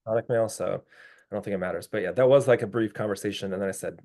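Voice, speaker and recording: A man's voice: deep voice, fairly even intonation, rapid-fire, creaky, a little mellow. A man chairing a public neighborhood commission meeting in a casual, clarifying way while losing his voice.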